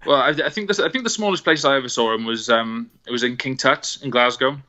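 A man's voice: mid-range voice, fast, sharp tone, lo-fi sound. A man from Wales, chatting casually about music, rambling with lots of fillers and restarts. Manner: rambling, many fillers and restarts, laughs easily. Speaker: guest on a music podcast. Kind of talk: casual chat. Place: on a phone call.

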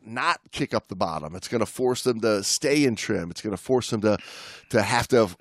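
A man's voice: lowish voice, lively intonation, normal speed, no echo, clean studio sound. A man co-hosting a podcast, telling stories in casual chat with many restarts and laughs. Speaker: podcast co-host.

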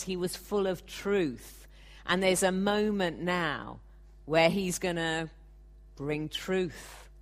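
A woman preaching a sermon, earnest and measured, sometimes acting out the people she quotes. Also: fairly low pitch.

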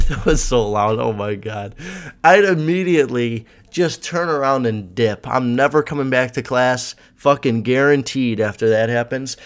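A man's voice: medium pitch, moderate pace. A young man hosting a podcast in casual chat, rambling and swearing with a sarcastic edge. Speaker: podcast host.

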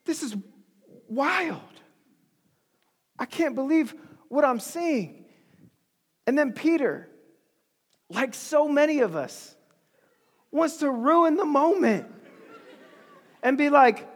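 A high-pitched preacher delivering an unhurried, animated sermon with a joking, conversational touch. The voice rings with the long reverb of a large church hall. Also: a faint crowd.

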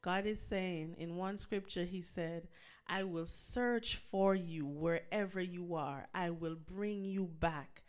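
A woman minister giving an earnest altar call after a sermon, repeating her appeals in a measured way. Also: lowish voice, fairly even intonation. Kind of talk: sermon follow-up and invitation.

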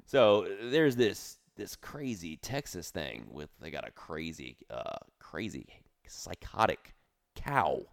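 A man with a fairly low voice, co-hosting a podcast and telling odd news stories in a loose, rambling way. He leans heavily on "dude" and "bro". The recording is dry and close. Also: big pitch swings, takes it slowly, creaky, no echo. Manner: rambling, slangy storytelling with lots of "dude" and "bro". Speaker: podcast co-host. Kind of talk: casual podcast chat.

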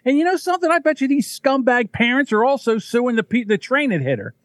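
A middle-aged man with a fairly high voice that swings up and down as he tells stories on a casual podcast. He sounds close to the mic in a dry, dead room. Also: fast, no room sound. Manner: animated storyteller, lively swings in pitch. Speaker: podcast host.

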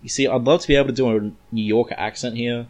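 A man's voice: mid-range voice, fairly even intonation, fast, darkish tone, dull audio. An Australian man casually recapping and reviewing a comic book issue in a chatty, rambling way. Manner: chatty, rambling, reads comic lines aloud.

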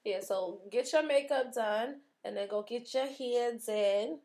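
A woman. Her manner is sassy and joking. Her voice sits a little higher than most women's. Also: unhurried, a little mellow. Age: 40s. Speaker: podcast co-host. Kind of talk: casual chat.

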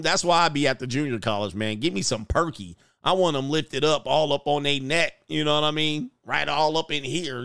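A man's voice: fairly high pitch, creaky, fairly bright tone, smooth. A man reacting to video clips in casual, crude, exasperated commentary.

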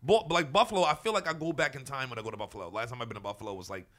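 A man's voice: mid-range voice, very fast, a bit bright. A man co-hosting a casual comedy podcast, talking loosely with profanity and frequent laughter. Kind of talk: casual chat.

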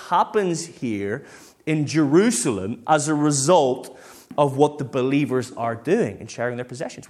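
A man, a pastor preaching a sermon in a lively, conversational way. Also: on the high side.

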